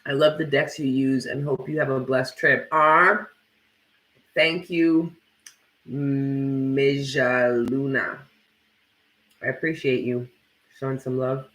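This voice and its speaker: This man speaks slowly with frequent pauses and little pitch movement, his mid-range voice pushed and bright. He hosts a tarot live stream, reading comments aloud in a blunt, casual, profane way full of "like"s. The recording is low-quality and echoey.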